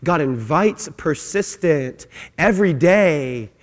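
A man preaching a sermon as pastor, emphatic, repeating his phrases and swinging between loud and soft. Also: a little high, lively intonation, slow. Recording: long hall reverb.

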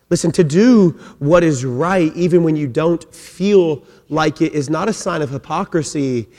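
A man preaching a sermon as pastor, emphatic, repeating his phrases and swinging between loud and soft. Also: a little high, normal speed. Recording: long hall reverb.

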